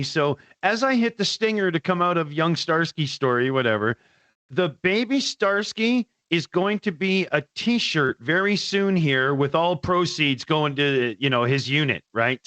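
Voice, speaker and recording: An excitable male host chatting on a livestream, his voice bouncing up and down in pitch. He swears freely, and the sound is close and dry, with no room echo. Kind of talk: casual livestream chat.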